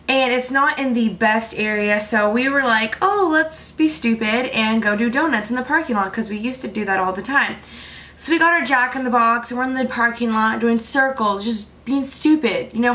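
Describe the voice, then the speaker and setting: A woman's voice: on the high side, sharp tone. Tired young woman rambling through a story. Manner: chatty, rambling, many "like" fillers. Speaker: vlogger. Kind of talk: casual storytelling to camera.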